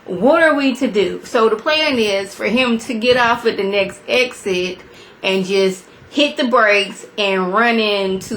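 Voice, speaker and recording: A woman in her thirties chattily recapping a TV episode to her viewers, acting out quotes in a high voice. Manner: animated storyteller, acts out quotes in a high voice; chatty, talks straight to viewers. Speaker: TV review vlogger.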